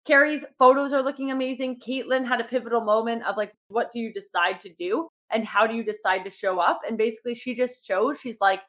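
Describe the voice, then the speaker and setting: A woman's voice: on the high side, fairly even intonation, a little fast, few pauses, a bit bright. A young woman coaching her fitness clients in casual podcast talk, upbeat and encouraging, with many fillers. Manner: chatty, says "like" a lot.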